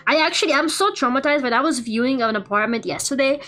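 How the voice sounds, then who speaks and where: A woman's voice: high voice, quick pace. Chatty, laughing young woman streamer. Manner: animated storytelling with frequent laughter and filler "like". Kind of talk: casual live-stream chat while drawing.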